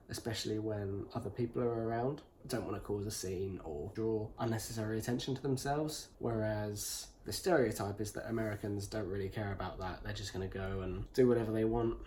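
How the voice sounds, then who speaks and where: This interviewee, a young husband with an English accent, keeps things casual, teasing and cracking dry jokes while talking about himself. He has a lowish, somewhat dark voice, and there's slight background noise.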